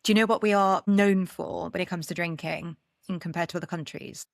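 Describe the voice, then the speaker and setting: A woman's voice: on the low side, fairly even intonation, brisk, vocal fry, no echo, clean studio sound. A woman from Britain co-hosting a casual podcast, explaining her points in a chatty, emphatic way. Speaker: podcast co-host.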